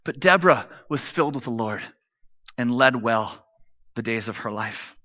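A man's voice: mid-range voice, lively intonation, normal speed, pushed and bright, muffled recording. A man preaching a sermon from the stage, conversational and dropping joking asides to the congregation. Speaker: pastor.

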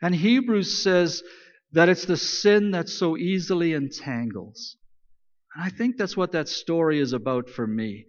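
A man's voice: high voice, moderate pace, big-room sound, lo-fi sound. A man preaching a sermon in a church, telling a folk tale in a casual, joking way. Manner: conversational, joking, animated storyteller. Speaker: pastor. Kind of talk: sermon with storytelling.

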